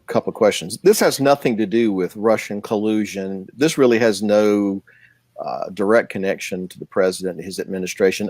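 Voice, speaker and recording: A man's voice: lowish voice, darkish tone, no room sound. A man co-hosts a talk show. He cracks dry jokes and trails off into fillers, recorded close and dry with no room sound. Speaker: co-host. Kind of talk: casual chat. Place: American South.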